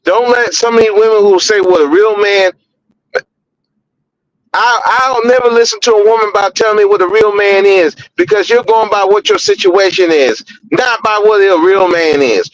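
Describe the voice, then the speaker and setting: Blunt high-voiced man ranting on a podcast. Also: brisk, few pauses, poor audio. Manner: blunt, profane, repeats words when heated. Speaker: podcast host. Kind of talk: opinionated podcast commentary.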